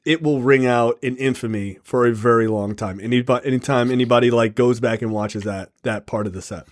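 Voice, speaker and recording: A man's voice: mid-range voice, fairly even intonation, a little fast. A man co-hosting a casual film podcast, talking emphatically and swearing freely, recorded close and dry. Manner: emphatic and profane. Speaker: podcast co-host.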